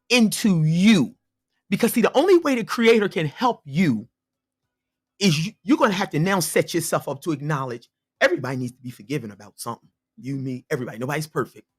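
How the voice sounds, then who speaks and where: A woman in her fifties speaking as a radio guest, giving earnest, emphatic testimony and repeating her key points for emphasis. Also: lowish voice. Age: 50s. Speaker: radio show guest, abuse survivor and healer. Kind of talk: earnest personal testimony and advice. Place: radio studio.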